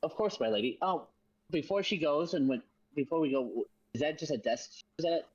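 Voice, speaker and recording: A man playing in a tabletop game, speaking in a hesitant, halting way. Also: on the high side, expressive, a little mellow, husky, no echo, lo-fi sound. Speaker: player. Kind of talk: casual tabletop game play.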